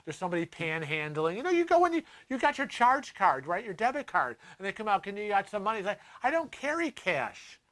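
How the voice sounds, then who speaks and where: An older man hosting a casual livestream chat, lively, laughing often and acting out the voices of people he quotes. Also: sits high, a little fast, few pauses. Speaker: host.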